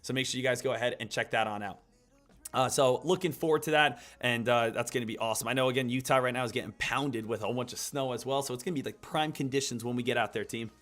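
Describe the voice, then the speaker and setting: A man's voice: medium pitch, quick pace, fairly bright tone, soft background music. A man hosting a live day-trading stream, coaching viewers in an upbeat, repetitive hype style. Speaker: day-trading livestream host. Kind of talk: live market commentary and coaching.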